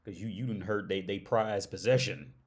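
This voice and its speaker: A young man hosting a casual livestream, swearing freely and breaking into loud laughs. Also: on the low side, moderate pace, husky. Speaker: livestream host.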